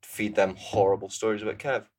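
A man hosting a casual podcast, reacting with quick laughs and agreement. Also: fairly low pitch, fairly even intonation, darkish tone, breathy edge. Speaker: podcast host.

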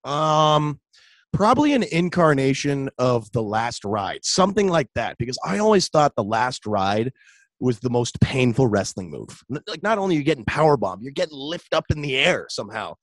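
A young man, a radio host, chatting casually in an interview, relaxed and full of "dude" and "like". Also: medium pitch, moderate pace, no echo. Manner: laid-back, chatty, says "dude" and "like" often. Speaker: radio host and metal vocalist.

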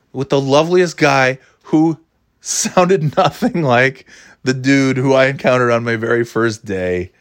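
A man's voice: medium pitch, no echo, clean studio sound. A man in his forties casually telling a personal anecdote, rambling and self-deprecating with frequent restarts. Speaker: storyteller.

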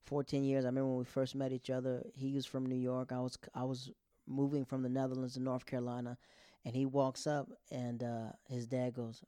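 A man in his thirties telling a casual personal story about a friend's late father, halting and restarting often, in a grieving state. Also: medium pitch, completely flat delivery, mellow, clean tone, dry recording, clean studio sound. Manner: rambling, halting, with many restarts.

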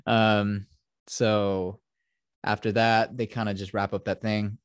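A man's voice: fairly low pitch, flat delivery, slow pace, clean tone, no room sound, studio quality. A man hosting a podcast, casually retelling a movie in a rambling, profane way full of fillers. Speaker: podcast host.

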